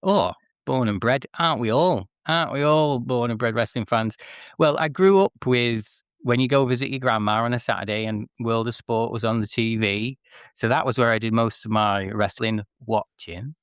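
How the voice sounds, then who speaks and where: A man's voice: medium pitch, moderate pace, a bit bright, smooth, no room sound, studio quality. Chatty, self-mocking man from northwest England. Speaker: interview guest, former wrestler. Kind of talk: casual interview chat.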